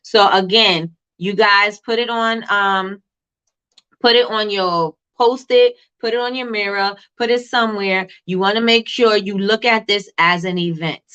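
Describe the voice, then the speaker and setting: Woman host, live stream business coach, bright tone, casual and animated, lo-fi audio. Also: medium pitch, a little slow, clean tone. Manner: animated, repeats herself, reads and answers chat.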